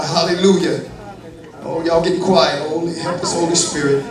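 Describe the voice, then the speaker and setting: A man preaches live in a large church hall, his fairly high voice ringing with echo and picked up from some distance. He jokes with the congregation, then rises into shouted praise, with the crowd loud behind him. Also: steady tone, moderate pace. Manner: swings from quiet asides to shouted praise; folksy and joking with the congregation. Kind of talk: live church sermon with call and response. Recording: echoey hall, crowd, from off-mic. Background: congregation responding.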